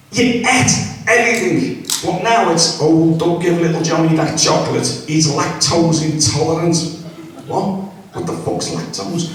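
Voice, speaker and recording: A man's voice: fairly high pitch, slight background noise. A man doing crude, chatty stand-up and talking to the audience by name. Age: 60s. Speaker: stand-up comedian. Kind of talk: open mic stand-up. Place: small comedy club. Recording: very echoey room from far off.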